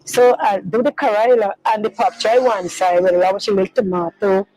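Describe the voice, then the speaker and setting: A middle-aged woman talks through a painful family story in an interview. Her telling is halting and rambling, with repeated phrases, restarts and loose grammar. Her voice sits at an ordinary middle pitch. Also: fairly even intonation, dark tone, a little hiss or hum, poor audio. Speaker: grieving mother interviewed. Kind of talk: emotional personal recounting in an interview.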